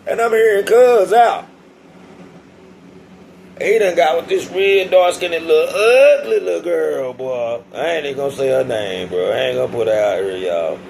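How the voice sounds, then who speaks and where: A man's voice: a little high, lively intonation, moderate pace, gravelly, a little mellow, slight background noise, rough recording. A young adult man telling a casual storytime vlog, slangy and profane, often addressing his listeners directly. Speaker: vlogger telling a prison story.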